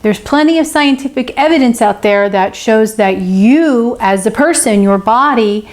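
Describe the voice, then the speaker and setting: A woman's voice: a little high, expressive, unhurried, a little mellow. A woman hosting a spiritual self-help channel, teaching to camera in an encouraging way that keeps checking in with "okay?" and repeats phrases for emphasis. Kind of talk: teaching to camera, answering a viewer.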